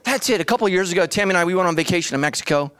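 A middle-aged man, a pastor, preaching an animated comic sermon full of storytelling, shouts and acted voices. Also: high voice, racing.

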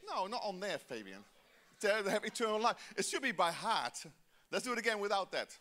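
A man preaching a sermon in church, calling the congregation to respond and swinging between loud emphasis and quiet asides. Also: sits high, sing-song, a little fast. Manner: exhorting the congregation, calls for responses. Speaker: pastor.

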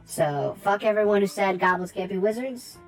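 A woman's voice: medium pitch, animated, moderate pace, faint music behind, close to an everyday voice, low-quality recording. A woman voicing a crude, smug female goblin wizard who swears freely and brags about being the best wizard. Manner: crude, brash, dismissive.

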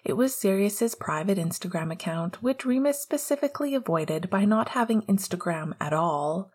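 A woman narrating an audiobook chapter in a steady, measured storytelling voice. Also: mid-range voice, breathy edge. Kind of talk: audiobook reading of fan fiction.

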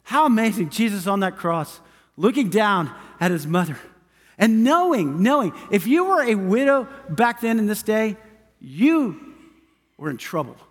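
A man's voice: high voice, very animated, a little slow, long reverb tail. A man preaching a sermon as pastor in a church, with an emphatic, repetitive cadence. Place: church sanctuary.

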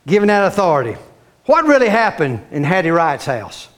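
A man preaching a fervent sermon, repeating phrases and rising to shouts. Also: on the high side, sing-song, moderate pace.

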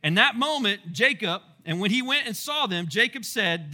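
Animated high-voiced man preaching. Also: normal speed. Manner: animated, playful storytelling with asides to the audience. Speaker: pastor. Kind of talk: casual Bible teaching sermon.

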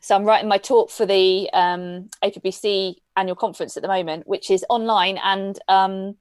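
A woman's voice: mid-range voice, fairly even intonation, moderate pace, clear, resonant tone, no room sound. A woman co-hosting a book podcast in casual chat, chatty with many ums and easy laughs. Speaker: podcast co-host.

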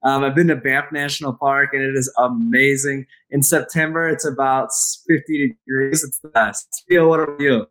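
A man's voice: medium pitch, fairly even intonation, normal speed, few pauses, fairly bright tone. A man co-hosting a casual podcast chat in an upbeat, enthusiastic way. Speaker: co-host.

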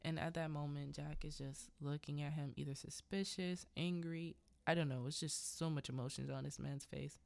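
Her voice sits low and steady, a little mellow with vocal fry, at a normal speed with few pauses and no room sound. As a podcast host for whom English is a second language, she recaps a movie in a loose, rambling way, laughing often and tossing in fillers such as "yada yada."

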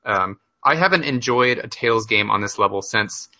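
A man on a casual gaming podcast, giving opinionated, animated takes on games. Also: lowish voice, moderate pace, muffled recording. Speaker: podcast co-host.

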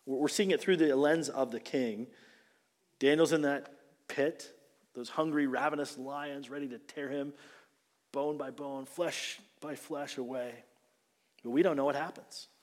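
A male pastor preaching a sermon, retelling the story with animated, dramatic delivery and acted-out quotes. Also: mid-range voice, measured pace. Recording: long reverb of a large hall.

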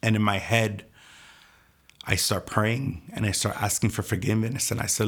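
A young man tells his own testimony, his low voice roughened by gravelly fry. He speaks in a hushed, intense way and often sinks to near a whisper as he recounts the story. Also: level tone, moderate pace.

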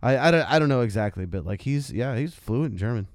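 A man co-hosting a podcast in casual chat, unhurried and often stumbling over repeated words. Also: medium pitch, animated, a little mellow, no room sound, clean studio sound. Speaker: podcast co-host.

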